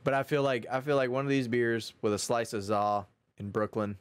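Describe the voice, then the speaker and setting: A man's voice: mid-range voice, brisk, smooth, dry recording. A young man from Texas co-hosting a podcast, chatting casually, slangy and cursing freely. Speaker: podcast co-host. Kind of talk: casual chat.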